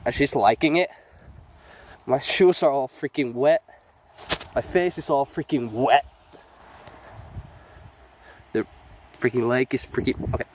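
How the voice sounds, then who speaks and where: A man's voice: mid-range voice, moderate pace, pauses often, slight background noise. A man vlogging outdoors by a lake in the rain, sniffly and getting sick, swearing freely as he scolds and coaxes his dog. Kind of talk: casual outdoor vlog talking to his dog. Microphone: phone.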